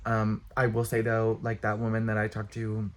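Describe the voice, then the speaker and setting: Young man, low-pitched, casual rant, exasperated, blunt, swears a lot. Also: completely flat delivery. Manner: exasperated, blunt, profane, talks with quick bursts. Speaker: vlogger.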